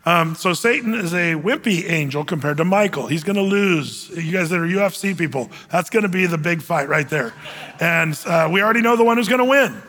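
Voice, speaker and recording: A man's voice: sits high, expressive, fairly quick, a bit bright, in a large hall. A man preaching a conversational sermon as pastor, mocking naive believers with sarcastic put-on voices.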